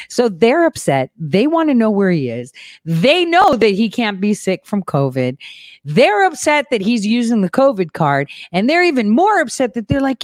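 A woman's voice: mid-range voice, sing-song, normal speed, a little mellow, no room sound, studio quality. A woman hosting a commentary show, reacting to news clips with sarcasm and mocking impressions.

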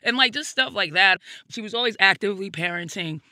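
A woman's voice: medium pitch, expressive, brisk, bright, forceful tone, a little hiss or hum. A woman, a guest comedian, speaking frankly and reflectively in an interview, with plenty of "like" and "you know" and casual swearing. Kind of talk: candid personal storytelling in an interview.

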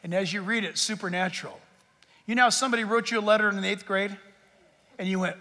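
A man preaching a sermon as a pastor, in an animated, joking way that speaks straight to the crowd. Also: sits high, fast talker, a little hiss or hum. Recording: long hall reverb.

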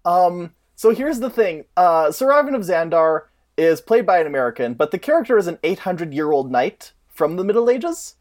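A man's voice: high voice, very animated, moderate pace, few pauses, a little mellow. A man co-hosting a casual chat who explains show trivia at length. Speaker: podcast co-host.

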